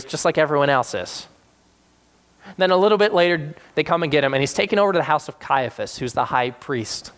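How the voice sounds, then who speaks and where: A man preaching a sermon, retelling scripture with animated acted-out voices for the people in the story. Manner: animated, acts out quoted characters with sudden high-pitched voices. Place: South Jersey church.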